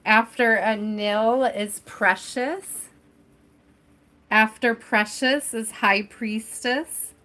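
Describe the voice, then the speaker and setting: A woman reads tarot live for her viewers in a loose, chatty way, calling people by name as she goes. Her voice is bright and forward, and she takes her time, letting her words come out unhurried. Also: on the high side, fairly even intonation. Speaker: tarot reader hosting a live stream. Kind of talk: live tarot reading, casual chat.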